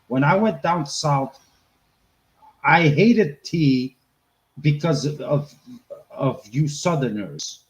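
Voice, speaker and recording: A man with a Boston accent in casual chat as co-host, ranting in an animated way and repeating his words. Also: a little high, slow, long pauses, low-quality recording.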